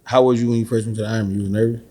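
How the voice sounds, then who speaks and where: A man's voice: on the low side, fairly even intonation, rapid-fire, warm tone, slightly rough. A man hosting a podcast in a laid-back, slangy way, chatting casually with his guest. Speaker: podcast host. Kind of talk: casual chat. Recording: long reverb.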